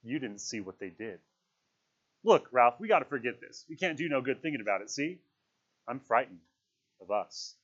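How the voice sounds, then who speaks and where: A low, stricken boy's voice, as a man reading aloud puts him on, hushed and haunted by guilt. It is soft and mutters more than it speaks. The recording is dull and lo-fi. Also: sing-song, moderate pace, long pauses. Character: shaken, guilt-stricken boy leader.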